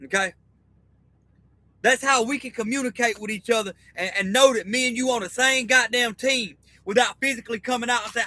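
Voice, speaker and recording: Man, high register, crisp dry sound; rambling profane monologue, conspiratorial teacher, keeps saying okay. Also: brisk, bright, forceful tone, no room sound, rough recording. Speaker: self-styled teacher. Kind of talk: rambling spoken monologue reading a document aloud.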